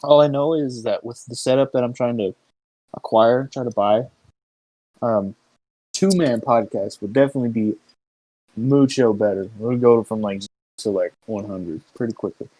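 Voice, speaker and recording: A man's voice: mid-range voice, normal speed, dark tone, no echo, low-quality recording. Laid-back young man co-hosting a podcast. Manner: easygoing, laughs often, repeats words when he restarts. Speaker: podcast co-host. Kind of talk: casual chat. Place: inside a car.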